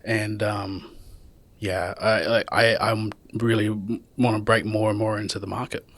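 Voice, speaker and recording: A man's voice: lowish voice, little pitch movement, normal speed, fairly bright tone. A man hosting a casual podcast chat, asking questions and often restarting his sentences. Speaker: podcast host.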